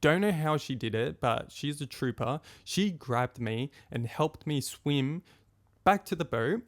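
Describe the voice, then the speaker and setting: Gravelly young man telling a story. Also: on the high side, measured pace, dry recording, clean studio sound. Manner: animated, acts out quotes of friends and his own past thoughts. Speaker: podcast host. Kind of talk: personal storytelling monologue.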